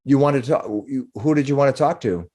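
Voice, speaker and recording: A man's voice: mid-range voice, brisk, darkish tone. A man narrating as game master of a tabletop game, rambling with frequent restarts.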